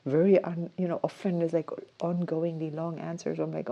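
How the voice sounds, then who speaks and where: A woman hosting a show, musing in a soft, rambling way and often breaking off mid-thought. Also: on the low side, steady tone, brisk, vocal fry, few pauses. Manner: dreamy, rambling, soft-spoken with self-interruptions. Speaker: host. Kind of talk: casual musing monologue.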